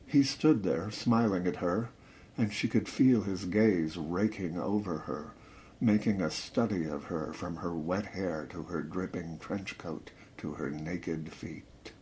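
Male audiobook narrator, measured steady reading, low voice, unhurried. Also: slight background noise. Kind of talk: scripted narration.

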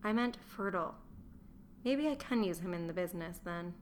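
A woman reading the lines of a gruff, middle-aged Roman merchant who is contemptuous of his wife, in a scornful, grumbling manner, as an audiobook character voice. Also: lowish voice, expressive, moderate pace, slight background noise, close to an everyday voice.

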